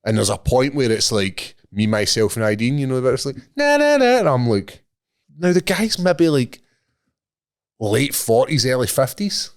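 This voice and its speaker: A Scottish man in his thirties, co-hosting a podcast and telling a sweary, animated story in casual chat. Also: medium pitch, normal speed, no echo, clean studio sound. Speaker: podcast co-host.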